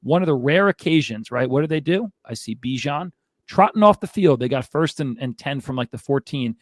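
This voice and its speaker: A man's voice: mid-range voice, animated, brisk, no room sound. A man hosting a fantasy football show, ranting heatedly and with exasperation to his co-host. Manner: fired-up, exasperated ranting with frequent asides. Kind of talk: heated sports rant to a co-host.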